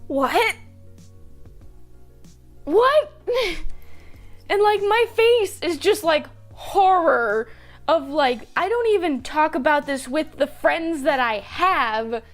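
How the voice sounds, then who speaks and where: A woman's voice: high-pitched, animated, takes it slowly, soft background music. A young woman vlogger telling personal stories casually, swearing freely and acting out her own reactions. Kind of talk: casual storytelling.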